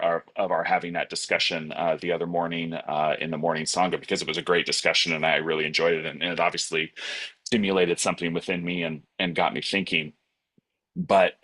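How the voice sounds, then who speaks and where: A man giving a Buddhist dharma talk in a relaxed, rambling way, with many fillers and restarts, over a video call. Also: low voice. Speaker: Buddhist teacher.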